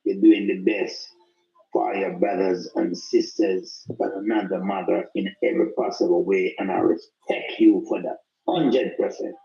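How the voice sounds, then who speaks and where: A man's voice: low voice, steady tone, a little slow, vocal fry, mellow, dull audio, soft background music. A man speaking as a guest, effusive and repeating himself.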